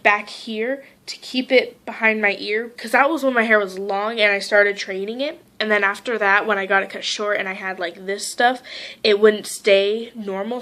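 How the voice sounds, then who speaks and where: A teenage girl vlogging casually, rambling through a story with lots of "like" and quoting people in lively voices. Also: mid-range voice. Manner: heavy use of "like".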